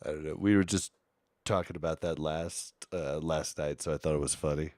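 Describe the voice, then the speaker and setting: A man co-hosting a live podcast in casual chat, animated and shifting between his deeper everyday voice and a lighter, softer one. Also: fairly quick, dry recording, clean studio sound. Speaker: podcast co-host and streamer.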